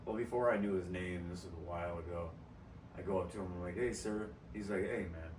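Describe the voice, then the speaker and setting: A man's voice: sits low, a little fast. A young man co-hosting a podcast, telling stories with lots of swearing. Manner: profane, ranting storyteller. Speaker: podcast co-host. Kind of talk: casual chat. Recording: roomy echo, distant mic, faint noise.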